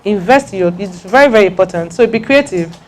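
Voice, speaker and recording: Woman, workshop speaker, emphatic and repetitive, mid-pitched. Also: animated, fast. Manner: emphatic, repeats key points, laughs and jokes with the audience. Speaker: speaker giving a talk on personal branding. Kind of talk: lively workshop talk to an audience.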